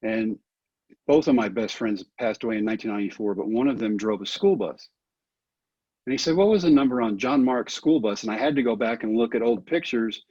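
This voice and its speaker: Middle-aged male guest, earnest storyteller, husky and a bit lo-fi. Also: medium pitch, lively intonation, fairly quick, dark tone, dry recording. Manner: earnest, folksy, says "man" often. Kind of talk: storytelling interview answer.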